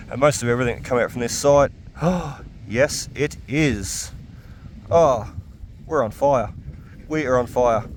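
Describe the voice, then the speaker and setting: A man, giving casual, excitable commentary while metal detecting outdoors on a farm. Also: medium pitch, a little hiss or hum. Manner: excitable, chatty, often exclaiming.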